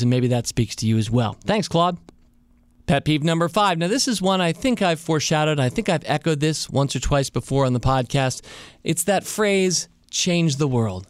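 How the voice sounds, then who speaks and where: A man hosting a podcast alone. He talks casually and thinks out loud, and he asks many rhetorical questions. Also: medium pitch, no room sound. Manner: reflective, full of rhetorical questions. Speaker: podcast host. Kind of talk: casual solo monologue.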